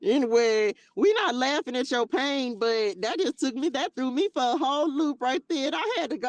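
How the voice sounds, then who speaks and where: A woman's voice: high-pitched, moderate pace, few pauses, no room sound. A woman hosting a casual livestream, talking expressively to viewers, calling them baby and child, into a tablet mic. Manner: chatty and expressive, calls viewers baby and child, bursts of laughter. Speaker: livestream host.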